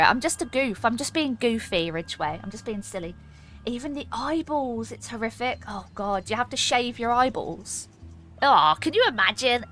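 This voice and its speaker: A woman's voice: on the high side, a bit bright. A woman streaming a game, chatting playfully with her viewers and joking around. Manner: playful, giggly, chats to viewers. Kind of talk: casual gaming stream chat.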